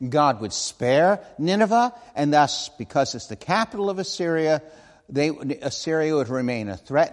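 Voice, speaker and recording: A man's voice: on the high side, big pitch swings, normal speed. A man preaching a sermon in an earnest, conversational way, with asides and self-corrections. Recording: long hall reverb.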